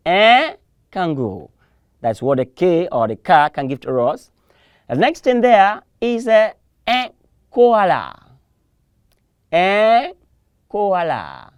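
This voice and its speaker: A man teaches French on television at a slow, deliberate pace, his pitch jumping up and down as he drills each word. He repeats terms several times and asks learners to answer back. The sound is close and dry. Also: clean tone, no echo. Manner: drills words by repetition, call and response. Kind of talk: televised language lesson.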